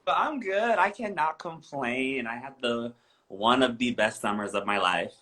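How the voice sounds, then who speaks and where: A man from California joins as a guest over a video call and chats in a playful, animated way. His mid-pitched voice is bright and sharp. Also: unhurried. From California, USA. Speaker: guest, professional dancer. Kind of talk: casual chat.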